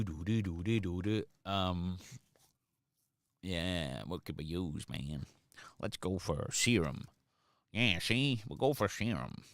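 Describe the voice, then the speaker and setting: A man's voice: deep voice, a bit bright, smooth, no echo. A Scottish man, a DJ and music producer, chatting casually on a livestream while making music. He rambles, swears freely and laughs often. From Scotland.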